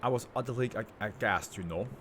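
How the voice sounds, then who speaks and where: A man's voice: lowish voice, a little fast, a bit bright, slight background noise, natural voice. A man playing a pompous tycoon brain in a jar. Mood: haughty. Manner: pompous, grandiose and contemptuous.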